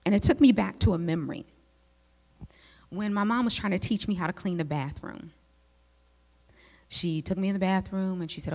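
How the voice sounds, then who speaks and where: A woman's voice: medium pitch, moderate pace, pauses often. Woman telling stories in a reverberant hall. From United States. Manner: lively storyteller who speaks straight to the audience. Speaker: psychologist speaking to a women's group. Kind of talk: teaching talk with personal stories.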